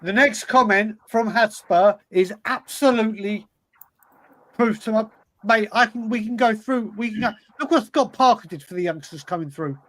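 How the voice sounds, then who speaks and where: A man's voice: high-pitched, moderate pace, a bit bright, poor audio. A man hosting a football fan podcast, talking passionately and emphatically, often repeating himself for effect. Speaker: podcast host. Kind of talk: casual football chat.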